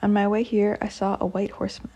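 A woman's voice: mid-range voice, level tone, fast, dark tone, breathy edge, lightly acted. A woman reading a storybook, voicing a frightened, polite young girl who speaks in a hesitant way. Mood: timid.

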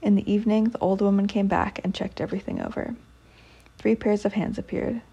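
Gravelly, husky woman telling a folk tale. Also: mid-range voice, steady tone, a little fast, warm tone, highs cut off. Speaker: storyteller. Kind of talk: reading a folk tale aloud.

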